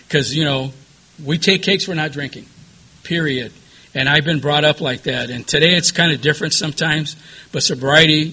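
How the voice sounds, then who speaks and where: Man, middle-aged, husky voice, bright tone, rambling plain-spoken testimony, recovery meeting speaker. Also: on the high side. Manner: plain-spoken, rambling storyteller with many fillers. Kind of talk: personal testimony to an audience.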